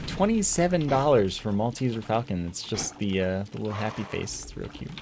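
A man's voice: fairly low pitch, brisk, soft background music. A man streaming a video game live, chatting casually with his viewers in a wry, self-deprecating way. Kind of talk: live gameplay commentary.

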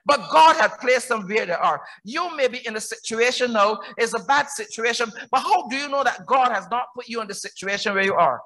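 A man with a Barbadian accent preaching a sermon as pastor. He preaches emphatically, firing rhetorical questions that build to shouts. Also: extremely high pitch, animated, brisk, hardly any pauses. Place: church.

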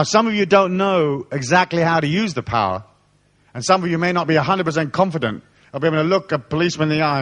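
A man giving a live motivational talk to an audience, telling stories with lots of swearing and acting out the voices of the people in them. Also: fairly high pitch. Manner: animated storyteller, swears freely and acts out quoted voices. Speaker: spiritual seminar speaker. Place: seminar hall.

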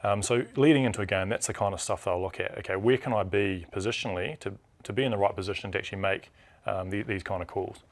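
A man with a New Zealand accent, a rugby referee chatting as a studio guest in a quick, animated way with lots of restarts. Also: lowish voice. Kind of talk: casual chat.

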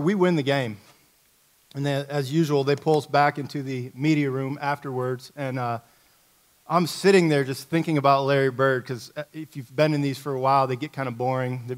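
Here a middle-aged man from Indiana, USA, a coach, shares a story during a church talk. He pokes fun at himself in a lively, chatty manner, his pitch staying medium.

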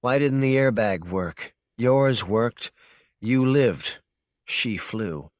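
A man narrating a short story for an audiobook in a measured, intense second-person voice. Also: medium pitch, animated, dry recording. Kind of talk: scripted narration.

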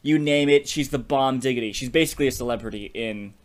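A young man co-hosting a podcast, telling a silly story idea in an animated, playful way. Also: medium pitch, fast. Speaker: podcast co-host. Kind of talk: casual brainstorming chat.

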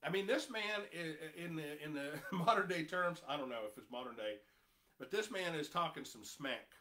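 A man's voice: lively intonation, moderate pace, pushed and bright. A man preaching a sermon as pastor, reading scripture aloud with passion and breaking into conversational asides to the congregation. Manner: impassioned, reads scripture aloud, rises in pitch and volume when stressing points.

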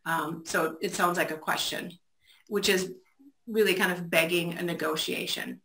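A woman's voice: fairly low pitch, fairly even intonation, normal speed, bright, forceful tone. A woman giving a virtual training talk, engaging her audience with questions over a video call. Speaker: presenter. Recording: roomy echo, faint noise.

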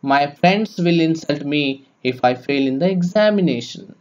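A man teaching a grammar lesson, explaining slowly and repeating points step by step. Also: a little high, lively intonation, darkish tone. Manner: slow, repetitive, explaining step by step. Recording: dull lo-fi recording.

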